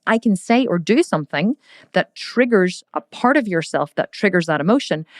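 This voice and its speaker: Woman, podcast host and coach, lively and direct with the listener, lowish voice, dry sound. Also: no echo. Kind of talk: casual motivational podcast monologue.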